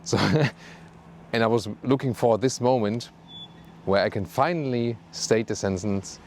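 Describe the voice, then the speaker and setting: This German-accented car reviewer, hosting his channel outdoors in Scotland, walks around a car and details each feature in turn with enthusiasm. He speaks at a measured pace in a darkish mid-range voice, with a bit of hiss or hum on the audio.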